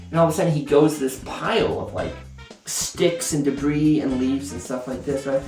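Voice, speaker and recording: A man's voice: a little high, a little fast, a little mellow, soft background music. A man giving a casual, rambling whiskey review, telling stories with lots of fillers. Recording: roomy, mic at a distance.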